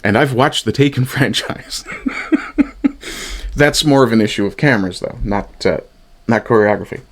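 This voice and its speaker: A man's voice: medium pitch, measured pace. Sarcastic, swearing middle-aged man ranting. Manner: sarcastic and exasperated, swears often. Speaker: TV show reviewer. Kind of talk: ranting review commentary.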